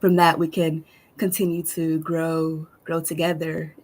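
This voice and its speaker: A woman speaking as a guest speaker, hesitant and soft-spoken with many fillers. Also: low voice, level tone, measured pace. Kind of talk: slow reflective talk.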